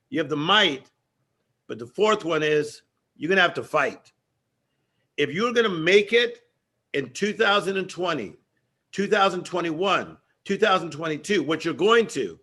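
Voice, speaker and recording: Forceful, higher-pitched motivational speaker man. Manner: emphatic, rhythmic, repeats phrases for effect. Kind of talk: motivational stage speech.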